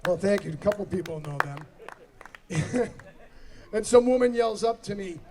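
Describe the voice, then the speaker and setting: Between songs at an outdoor concert, a man in his 40s from the Boston area, USA, banters with the crowd, joking at his own expense in a Boston accent. His high voice is expressive and measured in pace. It's heard from an amphitheater stage over a distant PA with music and a noisy background.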